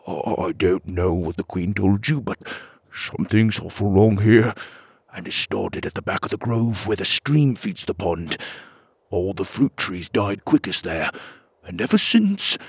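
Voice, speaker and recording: A man's voice: low-pitched, lively intonation, a little slow, breathy edge, no echo, heavily acted. A man voicing a short, nervous male fruit fairy who talks in a hesitant, folksy way.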